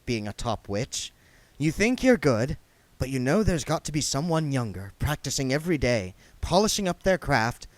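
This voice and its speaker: A man's voice: mid-range voice, dry recording, pitched above the performer's own voice, close to an everyday voice. A man voicing a nervous, earthy old female witch who rambles in rustic speech.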